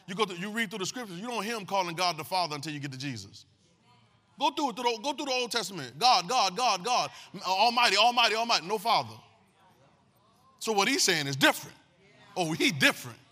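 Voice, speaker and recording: Man, preacher, high voice, very bright tone, animated sermon, call and response. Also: fast. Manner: animated street-talking preaching, call and response, shouting at peaks.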